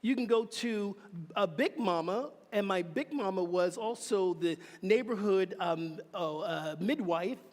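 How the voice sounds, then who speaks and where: A man giving a sermon as reverend, telling animated personal stories with chatty asides to the congregation. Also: sits high, a little slow. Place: church hall. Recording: reverberant hall.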